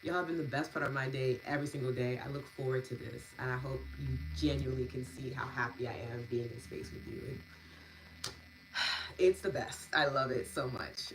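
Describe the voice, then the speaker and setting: A woman's voice: rumbling low, slight background noise, poor audio. A woman hosting a live EFT and meditation stream. She thanks viewers by name, laughs often and gushes as she reads their comments. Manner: warm, gushing, laughs often, lots of fillers. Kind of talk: live-stream wrap-up, reading chat comments.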